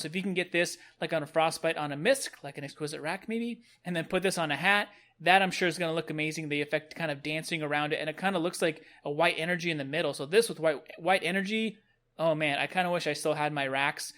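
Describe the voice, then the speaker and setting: A man's voice: fairly high pitch, fairly bright tone. A young man casually reviewing new game cosmetics, upbeat and rambling. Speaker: gaming video host.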